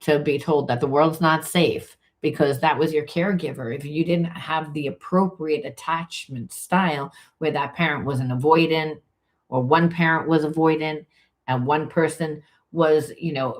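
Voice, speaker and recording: A woman, a spiritual coach, talking through emotional healing in a loose, rambling way full of restarts and fillers. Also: sits low. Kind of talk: informal coaching monologue.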